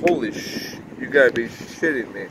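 A man's voice: medium pitch, expressive, moderate pace. A man in casual chat, laughing and exclaiming in disbelief at a friend's jokes. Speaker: companion listening to jokes. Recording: wind and boat engine noise.

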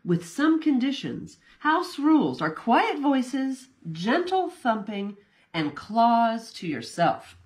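Cozy, a woman voicing a gentle muskox. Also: a little high, big pitch swings, slow, voice pushed up. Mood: gentle firm. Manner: soft, patient, rule-setting. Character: gentle, polite big male muskox host.

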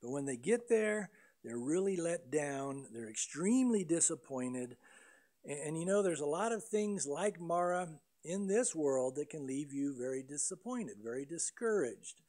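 A high-pitched male pastor delivers a sermon in a church. He is animated and conversational, and he slips into quoted voices to act out prayers and complaints. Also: a little slow. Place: church sanctuary.

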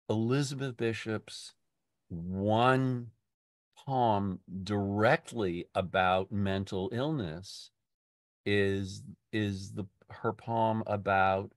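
An older man leads a group talk about a poem, slowly feeling his way through each thought with restarts and fillers. His voice sits low, and the sound is dry and close. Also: no room sound. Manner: halting, many restarts and fillers. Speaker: poetry discussion leader. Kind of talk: casual literary discussion.

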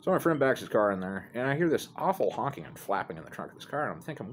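With his phone in hand outdoors near apartments, a middle-aged man rattles off a casual, profane, self-deprecating story to the camera. He talks fast and expressively in a fairly low voice with hardly any pauses, over a little hiss or hum.

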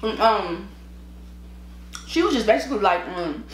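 In a mid-range voice at a measured pace with long pauses, a tired mukbang vlogger eats on camera and shares slangy stories, laughing often. Her delivery is animated, punctuated by bites and sips between sentences. Slight background noise; own microphone; echoey room.

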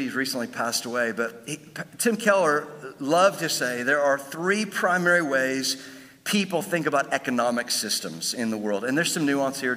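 A pastor delivers his sermon in a bright, ringing voice that carries through a reverberant church hall. He builds to emphatic peaks and drops low and quiet for asides. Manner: emphatic preaching, swells louder on key lines, drops low for asides.

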